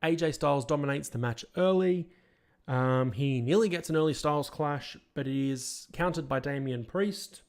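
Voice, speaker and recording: A man's voice: a little high, moderate pace, a little mellow. A man hosting a podcast, giving casual review commentary in an opinionated, critical way that rambles with restarts. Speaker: podcast host.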